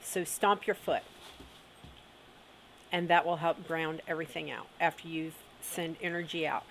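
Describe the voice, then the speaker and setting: A middle-aged woman teaching a witchcraft lesson on video, talking in an unhurried way and checking in often with "okay?". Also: low voice, fairly even intonation, fairly bright tone, slight background noise. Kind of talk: instructional video talk.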